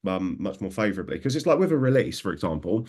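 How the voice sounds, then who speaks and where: A man in his thirties with a fairly low voice speaks as a dog trainer in a relaxed interview. He sounds enthusiastic and often acts out the remarks of the people he worked with. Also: quick pace. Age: 30s. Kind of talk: conversational interview.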